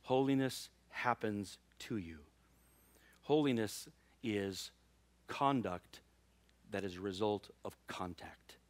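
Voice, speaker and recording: A man's voice: fairly low pitch, slow pace, long pauses. A male pastor giving a sermon, telling a funny personal story with laughter before moving into earnest preaching.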